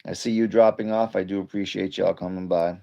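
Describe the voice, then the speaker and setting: A man's voice: low-pitched, fairly even intonation, a little fast, gravelly, warm tone, muffled recording. A man casually chatting on his evening live stream, greeting viewers by name and rambling between topics.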